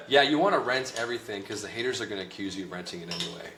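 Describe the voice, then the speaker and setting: A young man hosting a casual chat, laid-back and quick to laugh. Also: fairly low pitch, expressive, background noise. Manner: laid-back, laughs often, says "dude". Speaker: host, copywriting coach. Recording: roomy echo.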